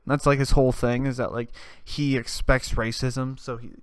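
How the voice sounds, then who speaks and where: Rambling, swearing podcast host, smooth voice. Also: male voice, medium pitch, flat delivery, moderate pace, no echo, clean studio sound. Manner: rambling, swears, laughs often. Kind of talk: casual rambling recap.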